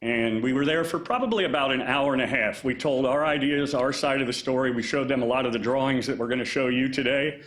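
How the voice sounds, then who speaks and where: A man speaking as mayor at a press conference, relaxed and chatty with frequent fillers. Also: medium pitch, quick pace, few pauses. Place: indoor press conference room. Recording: echoey room.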